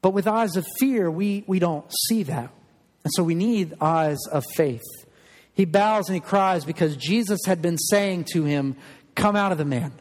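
A man's voice: sits high, measured pace, darkish tone, long reverb tail. A man preaching a sermon as a pastor, earnest and emphatic, often repeating words as he builds a point.

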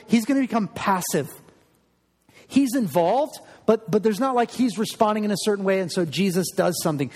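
Male pastor, earnest sermon, emphatic, higher-pitched voice, long echoing church reverb. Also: darkish tone. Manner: earnest and emphatic, repeats words.

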